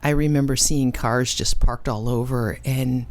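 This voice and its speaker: Woman speaker with a low voice, telling her testimony earnestly and emotionally. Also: fairly even intonation. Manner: earnest, emotional storytelling with dramatic pauses. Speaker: ministry cofounder and conference speaker. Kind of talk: personal testimony.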